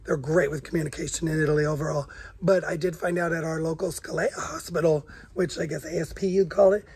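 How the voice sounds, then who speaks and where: Hoarse raspy guy, kinda high voice, chatty vlog co-host, laughs a lot. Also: fairly even intonation, quick pace, darkish tone. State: hoarse from coughing. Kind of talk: casual chat.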